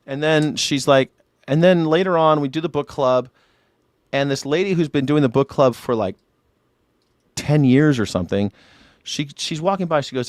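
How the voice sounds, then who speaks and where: A man's voice: a little high, normal speed, pauses often, no echo, clean studio sound. A man hosting a casual call-in livestream, rambling and profane, boasting about himself in a joking way. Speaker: livestream host taking callers.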